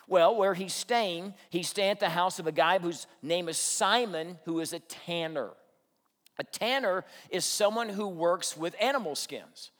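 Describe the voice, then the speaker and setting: A male pastor with a slightly high voice preaches with animated energy, asking the congregation questions as he goes. His voice rings out with a long reverb, as if in a large hall. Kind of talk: sermon.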